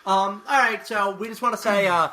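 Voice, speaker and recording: High, bright young man teasing his friend. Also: moderate pace, slight background noise. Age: 20s. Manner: joking, teasing, acts out quotes. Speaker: podcast co-host. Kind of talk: casual chat.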